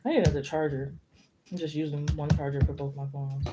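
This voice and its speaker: A woman's voice: low-pitched, fairly even intonation, fast talker, over loud music. A young woman hosting a tarot live stream, chatting casually and rambling through stories with lots of fillers.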